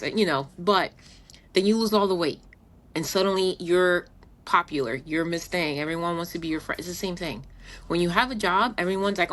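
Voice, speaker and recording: A woman's voice: fairly low pitch, lively intonation, moderate pace, fairly bright tone. A woman co-hosting a podcast, speaking frankly and emphatically in casual chat. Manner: frank, emphatic, acts out quoted voices. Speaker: podcast co-host. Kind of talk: casual conversational podcast talk.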